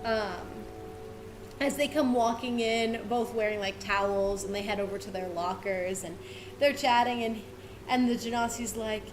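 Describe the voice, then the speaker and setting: A woman running a tabletop roleplaying session, narrating in a loose, chatty way with lots of fillers. Her voice is somewhat high, and a faint hiss sits behind it. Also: steady tone, moderate pace. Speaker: game master.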